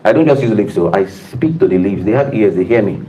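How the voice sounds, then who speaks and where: A man's voice: fairly low pitch, animated, a little fast, mellow, poor audio. A man giving an emphatic, preacher-like talk to a live audience in a room, calling out to the listeners. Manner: emphatic preacher-like delivery with audience call-outs. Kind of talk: motivational talk to staff.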